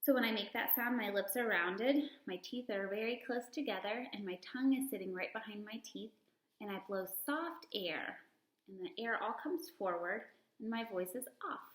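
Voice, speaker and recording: A woman speech-language pathologist modeling sounds and words slowly and deliberately for children to repeat. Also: mid-range voice, echoey room. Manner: slow, deliberate word-by-word modeling. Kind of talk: speech therapy lesson.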